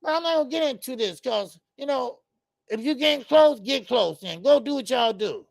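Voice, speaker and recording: Gravelly, fired-up boxing show host. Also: sits high, lively intonation, moderate pace, no echo. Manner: fired-up, repetitive, talks straight to viewers. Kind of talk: heated boxing talk-show rant.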